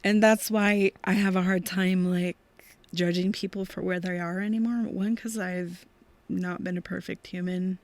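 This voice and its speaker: A woman's voice: on the low side, steady tone. A woman who is a guest on a podcast, chatting casually and agreeing readily with the others. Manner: agreeable, quick with yeah and laughs. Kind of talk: casual chat.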